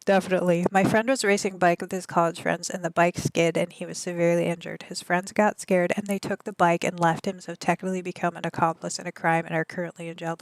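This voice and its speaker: A woman's voice: fairly low pitch, little pitch movement, fairly quick, hardly any pauses, no echo. A woman in her thirties with a Midwestern American accent, chatting casually with her live stream audience. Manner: chatty, rambling, reads chat aloud. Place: home gaming desk.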